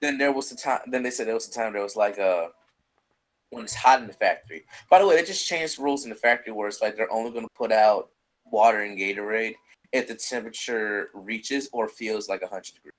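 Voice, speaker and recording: A man's voice: lowish voice, fairly quick, rough recording. A young man co-hosting a podcast, telling work stories in a loose, rambling way, repeating himself and swearing casually. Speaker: podcast co-host. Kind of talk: casual chat.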